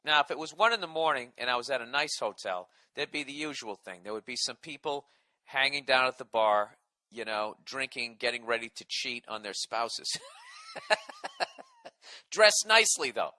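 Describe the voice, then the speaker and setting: A man's voice: mid-range voice, huge pitch swings, moderate pace, sharp tone, no room sound. A man hosting a comedy podcast, telling a story in a profane, sarcastic, exasperated rant.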